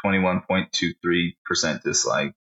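Man, low voice with a bright edge, profane casual podcast co-host. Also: a little slow, muffled recording. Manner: profane, blunt, reads out a list.

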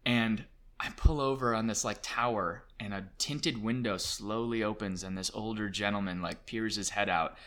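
A man as a podcast guest, telling an excitable, self-mocking story and acting out voices in a casual chat. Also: fairly low pitch, moderate pace.

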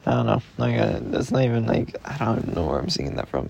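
A young man talking tenderly and rambling to his girlfriend in a personal podcast, sometimes dropping into soft whispers. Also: very deep voice, very animated, fairly quick, creaky, hardly any pauses, muffled recording, slight background noise. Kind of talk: intimate personal voice message.

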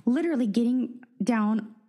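A woman's voice: on the high side, moderate pace, warm tone. A woman hosting a podcast, chatting casually and self-deprecatingly, with frequent restarts and laughter. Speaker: podcast host. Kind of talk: casual chat.

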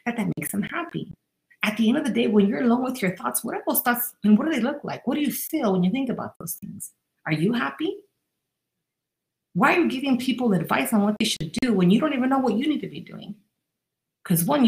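Gravelly-voiced woman life coach, roomy echo. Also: fairly high pitch. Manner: earnest, direct, addresses listener as you. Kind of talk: motivational podcast monologue.

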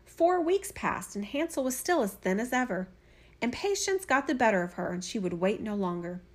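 A woman narrating a fairy tale in a steady, expressive storytelling voice. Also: on the high side, moderate pace. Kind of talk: fairy tale read-aloud.

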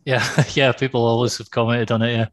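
A man's voice: medium pitch, flat delivery, fairly quick. A man with an English accent co-hosting a podcast, telling anecdotes in easy, amused chat. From England. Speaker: podcast co-host. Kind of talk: casual chat.

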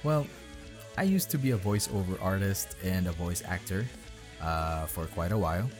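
A man's voice: low voice, lively intonation, moderate pace, music in the background. A man hosting a podcast, reading bad fan fiction aloud in his bedroom with sarcastic, mocking asides. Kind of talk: comedic dramatic reading with commentary.

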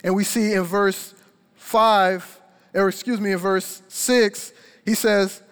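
Young male preacher, sermon, high voice, energetic storytelling, long hall reverb. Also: takes it slowly, clear, resonant tone.

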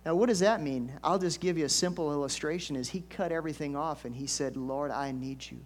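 A man's voice: on the high side, fast, slight background noise. An older man, a pastor, preaching a conversational storytelling sermon with folksy asides and emphatic swells.

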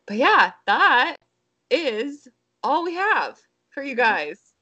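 A woman's voice: high-pitched, very animated, slow, pushed and bright, dry recording, muffled recording. A young adult woman co-hosting a podcast, telling family stories in a chatty, laughing way. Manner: chatty storytelling with frequent laughs and "like". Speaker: podcast co-host. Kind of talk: casual chat.

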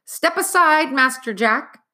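A woman's voice: sits high, expressive, slow pace, sharp tone, voice pushed up, full character voice. A woman doing a prim, unflappable butler. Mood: composed. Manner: formal, precise diction. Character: unflappable proper male butler, dry and polite.

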